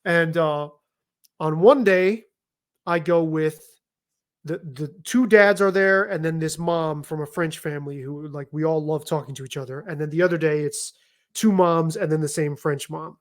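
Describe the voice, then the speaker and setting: A middle-aged man telling stories in a casual chat, animated, emphatic and liberal with swearing. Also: on the high side, normal speed. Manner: animated, profane, emphatic storytelling. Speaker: podcast guest.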